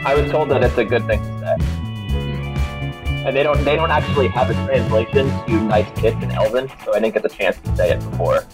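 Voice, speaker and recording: A man of middling pitch chatting as a player at a tabletop game. He jokes in a relaxed way. Music plays clearly underneath. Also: brisk. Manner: joking, relaxed. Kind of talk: casual tabletop game talk.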